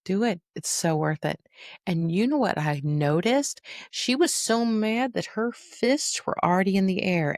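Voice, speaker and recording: A middle-aged woman, a dementia caregiver and trainer, coaching listeners on a podcast in a lively, folksy, direct way. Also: mid-range voice, no echo, clean studio sound. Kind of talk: podcast teaching monologue.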